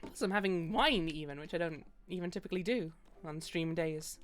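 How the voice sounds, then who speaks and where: A woman's voice: on the low side, a little fast, soft background music. A young British woman chatting casually while streaming a game, rambling and laughing often. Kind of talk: casual gaming stream chat.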